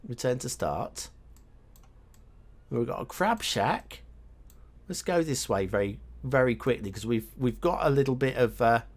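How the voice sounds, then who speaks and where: Slow, musing man thinking aloud. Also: mid-range voice. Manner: musing, hesitant, talks to himself. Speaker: game streamer. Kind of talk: thinking aloud while playing.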